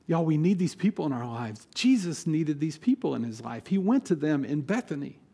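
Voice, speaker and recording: A man preaches from the pulpit. His voice sits fairly high, and he tells scripture stories with lively energy, slipping into the voices of the figures he describes. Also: a little fast, gravelly, husky. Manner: animated storytelling, acts out biblical figures with rising energy. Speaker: pastor. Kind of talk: sermon.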